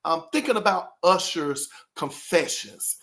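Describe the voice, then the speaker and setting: A host giving casual, animated opinions in a vlog, rambling with many fillers and a lilt. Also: medium pitch, a little slow. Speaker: music commentary host.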